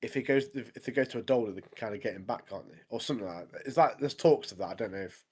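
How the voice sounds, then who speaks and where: A man co-hosting a casual anime podcast, retelling scenes in an animated, chatty way. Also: on the low side, very fast, breathy edge. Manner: chatty, says "mate" constantly, animated retelling. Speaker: podcast co-host. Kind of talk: casual anime review chat.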